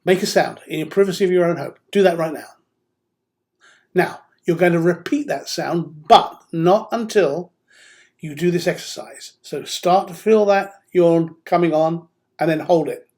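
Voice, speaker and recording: A man's voice: on the high side, moderate pace, a little mellow. A man teaching singing, talking in a direct, encouraging way as he coaches the listener through voice drills. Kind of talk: instructional seminar talk.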